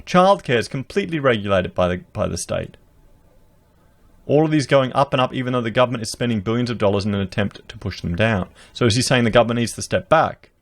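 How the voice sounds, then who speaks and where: A fast-talking Australian man with a mid-range voice reads news stories and reacts with forceful, rhetorical political commentary for his viewers. The audio is captured close on a podcast dynamic mic.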